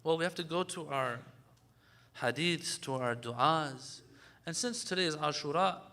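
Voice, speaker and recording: A man giving a conversational religious lecture, switching to fast recitation of Arabic supplication lines. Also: a little high, bright, forceful tone. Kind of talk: sermon. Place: lecture hall.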